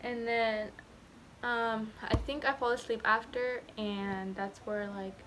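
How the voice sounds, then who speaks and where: A woman's voice: fairly high pitch, steady tone, slow pace, background noise. A young woman in her late teens casually telling a personal story, rambling and repeating herself with lots of fillers. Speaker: vlogger.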